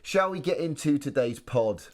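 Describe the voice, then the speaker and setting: A man's voice: a little high, lively intonation, normal speed. A British man hosting a comedy podcast, chatting casually with a friend and telling a story in a jokey way. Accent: British English. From United Kingdom. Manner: chatty, jokey, says "mate" a lot. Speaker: podcast host.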